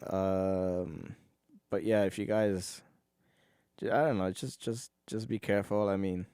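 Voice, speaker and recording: A man with a lowish voice talks loosely and off the cuff on his own podcast. He swears freely, laughs often, and drifts from point to point. The sound is dry and close to the mic. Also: fairly even intonation, measured pace, dark tone, clear, resonant tone, no room sound. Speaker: podcast host. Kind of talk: solo podcast chat.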